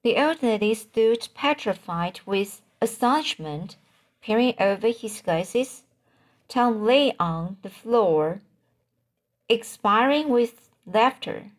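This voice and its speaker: A woman reading a novel aloud, halting often, repeating words and correcting herself. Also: a little high, animated. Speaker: audiobook reader.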